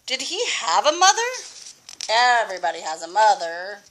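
An older woman reading a picture book aloud to a child, patient and expressive, stopping to ask questions. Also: medium pitch, moderate pace.

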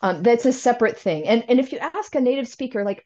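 A woman's voice: on the high side, expressive, moderate pace, hardly any pauses, darkish tone, highs cut off. A woman guest in an interview, explaining language learning in a thoughtful way, often correcting herself and acting out learner questions. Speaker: language education expert guest.

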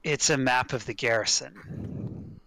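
A man's voice: medium pitch, slow, background noise. A man narrating a tabletop game as game master, describing actions in a matter-of-fact way.

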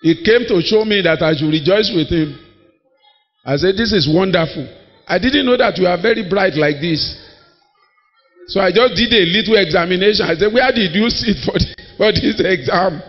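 A man preaches in a high voice, telling stories and acting out the people in them with emphatic delivery. The sound is muffled and lo-fi, and a long reverb trails after every phrase as it fills a large church hall. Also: moderate pace, long pauses, soft background music. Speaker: pastor. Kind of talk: sermon.

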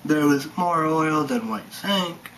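A man's voice: on the high side, steady tone, measured pace, background noise. A man rambling through a casual vlog monologue, meandering and muttering, sometimes dropping to a whisper. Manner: meandering, mutters and drops to whispers, bursts into sung chants. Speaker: vlogger.

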